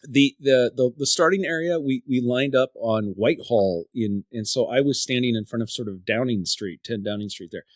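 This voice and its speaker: A man's voice: mid-range voice, moderate pace, few pauses, dry recording, clean studio sound. A man hosting a podcast in casual chat, telling a story in a rambling way and often repeating and restarting his words. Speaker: podcast host.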